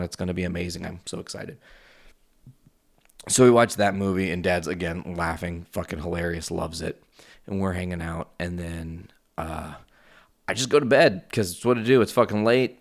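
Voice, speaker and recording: A man's voice: low voice, gravelly. A man hosting a casual solo podcast from his house, rambling and profane as he wanders off on tangents. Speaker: podcast host.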